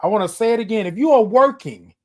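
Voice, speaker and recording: High-voiced man hosting a live morning stream. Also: lively intonation, quick pace. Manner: affectionate, repetitive, preacherly. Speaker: host of a live morning show. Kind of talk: casual livestream talk. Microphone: streaming live on social media.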